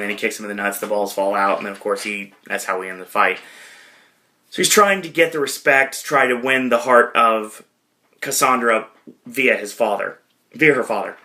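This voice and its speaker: A man casually recapping a film for his podcast, rambling along with plenty of "uh"s and quick impressions of the characters. His voice has a bright, forward edge at a middling pitch. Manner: rambling, lots of fillers, slipping into quick impressions. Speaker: podcast host.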